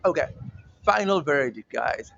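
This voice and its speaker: A man's voice: a little high, lively intonation, measured pace, gravelly, fairly bright tone. A man from South Africa giving an emphatic opinion monologue as a vlogger, insistent and repeating his points with slangy asides. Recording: slightly dull audio with faint ambient hiss.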